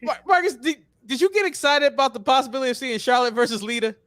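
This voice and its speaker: A man's voice: extremely high pitch, animated, fast talker, a bit bright, dry recording, clean studio sound. A man from the United States hosting a wrestling podcast, chatty and casual, steering the talk with questions and swearing now and then. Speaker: podcast host.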